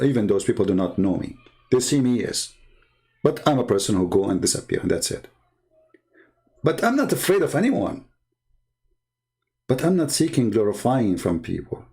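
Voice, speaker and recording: A man's voice: on the low side, vocal fry, dark tone. A man, a Christian debater, talking in an earnest, emphatic, casual monologue and often repeating himself.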